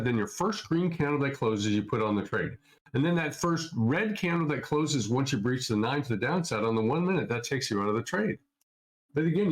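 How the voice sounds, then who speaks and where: A man's voice: mid-range voice, poor audio. Chatty man hosting a live trading Q&A. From Minnesota. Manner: loose, chatty, answers viewer questions off the cuff. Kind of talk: casual live Q&A chat.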